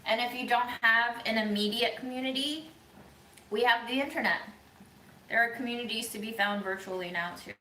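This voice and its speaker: A woman vlogger giving an earnest, thoughtful monologue, speaking slowly with frequent pauses and ums. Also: on the high side, bright, forceful tone, reverberant, a little hiss or hum, rough recording. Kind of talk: reflective monologue.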